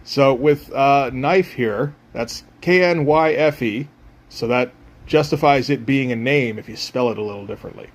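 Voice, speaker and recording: A man's voice: medium pitch, moderate pace. A man talking casually about his comic art as he draws, rambling and self-mocking with frequent chuckles. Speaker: comic artist. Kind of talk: casual drawing commentary.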